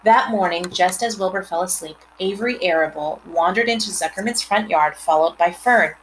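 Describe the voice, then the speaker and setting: A mother reading a storybook aloud and pausing to explain words and scenes to her listeners. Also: fairly low pitch, slight background noise, low-quality recording.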